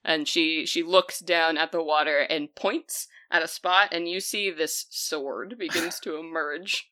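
Low, slow-narrating woman game master. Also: steady tone, no room sound. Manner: slow, hushed, descriptive storytelling.

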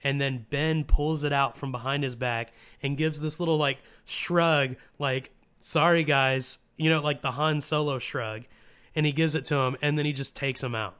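A man in a casual podcast chat, his voice smooth and clear at a middling pitch. He talks with warm enthusiasm, stumbling through restarts and fillers as he gets caught up in feeling. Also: steady tone, moderate pace. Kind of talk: casual film discussion.

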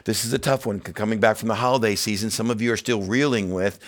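Earnest middle-aged male pastor, low voice. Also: fairly even intonation, a little fast, a bit bright. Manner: earnest, emphatic, repeats key phrases; casual asides. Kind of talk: sermon.

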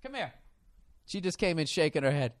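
A middle-aged man hosting a podcast at home, telling stories in a loud, profane, animated way. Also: on the high side, a little fast, no echo. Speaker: podcast host. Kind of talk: casual rambling comedy chat.

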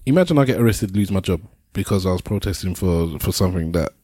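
A middle-aged man co-hosting a casual podcast chat, talking in halting bursts and repeating words as he starts a point. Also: low voice, lively intonation, dark tone, breathy edge, no room sound, clean studio sound. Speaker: podcast co-host.

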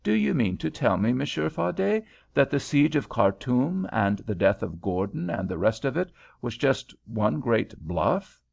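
A man voicing a young American graduate with a slow, deliberate manner. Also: medium pitch, sing-song, vocal fry, darkish tone, dry recording, full character voice. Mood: astonished. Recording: dull lo-fi recording.

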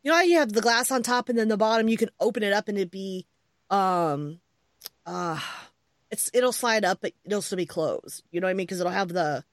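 A woman co-hosting a podcast from home, telling a story in a lively, exclaiming way and laughing often. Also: medium pitch, a little fast, no room sound. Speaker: podcast co-host. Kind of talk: casual chat. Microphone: headset earphones.

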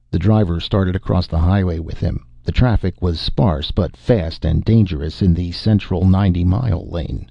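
A man narrating an audiobook in a steady, measured way, on a dull, dry recording. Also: deep voice, creaky, dry recording.

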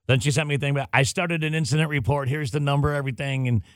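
A man hosting a morning radio show, telling a story in a casual, animated way and acting out the dialogue. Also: mid-range voice, fast talker, no echo.

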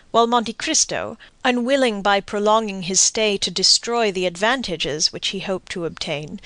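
Female audiobook narrator, measured; dry booth. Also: medium pitch, fairly bright tone, no room sound. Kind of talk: scripted narration.

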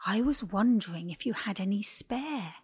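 A woman voicing a sly, hungry male bull snake who asks politely for birds to eat. She speaks softly and draws out her words. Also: medium pitch, animated, normal speed, slightly rough. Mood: politely eager.

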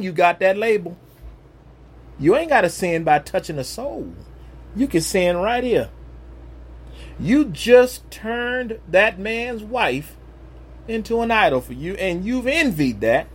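Husky man preaching on his podcast. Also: fairly high pitch, big pitch swings, normal speed. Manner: emphatic, conversational, preachy. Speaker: podcast host. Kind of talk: faith-based podcast talk, preaching to viewers.

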